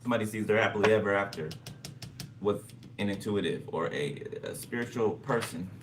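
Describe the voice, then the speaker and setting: Speaking a little fast in a fairly low voice, a tarot reader muses aloud through a casual reading, repeating himself and often asking "okay?" Background noise comes through a distant mic.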